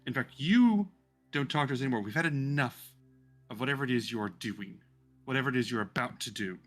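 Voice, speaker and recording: A man's voice: medium pitch, lively intonation, a little slow, pushed and bright, husky, faint music behind, heavily acted. A man voicing an angry old grandmother who weaves fate, scolding and imperious. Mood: furious. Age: over 60.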